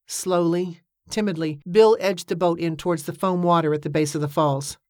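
Female audiobook narrator, measured and steady, lower voice, dry close sound. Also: dry recording.

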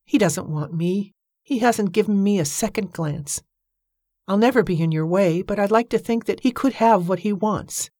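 A woman reading the part of a gentle, wealthy older woman who speaks softly and fondly. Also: medium pitch, normal speed, dry recording, clean studio sound, close to an everyday voice. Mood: wistful. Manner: soft, fond, motherly.

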